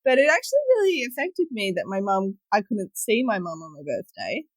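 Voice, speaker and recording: A woman's voice: mid-range voice, wildly swooping pitch, brisk, no room sound, poor audio. A woman, a guest telling stories in a casual podcast chat and laughing often. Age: 30s. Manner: chatty storyteller, laughs often.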